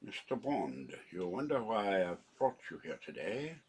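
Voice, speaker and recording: An older man putting on a scheming, gloating movie villain, slow and theatrical, with a husky voice. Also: fairly low pitch, big pitch swings, slight background noise.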